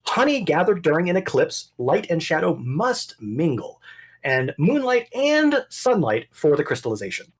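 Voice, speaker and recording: A man narrating a tabletop game as game master, animated and rambling. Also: on the high side, moderate pace, husky. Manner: animated, rambling, self-correcting.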